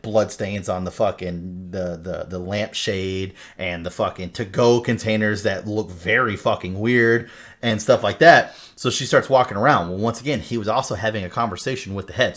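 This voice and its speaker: A man co-hosting a podcast, retelling a movie plot in casual, animated talk full of swearing and fillers. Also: on the low side. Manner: animated storyteller, heavy swearing, many fillers. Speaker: podcast co-host.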